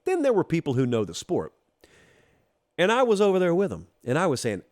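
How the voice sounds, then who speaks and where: A man from Georgia hosts a college football show with an animated, teasing monologue. He speaks right to the fans and needles them. His pitch sits in an ordinary middle register. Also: a little fast. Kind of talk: casual opinion monologue.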